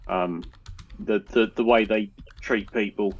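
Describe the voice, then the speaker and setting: A man's voice: on the low side, steady tone, unhurried, lo-fi sound. A man hosting a casual group chat on a live stream, rambling and blunt, often restarting his sentences. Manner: rambling, self-interrupting, blunt. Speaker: show host.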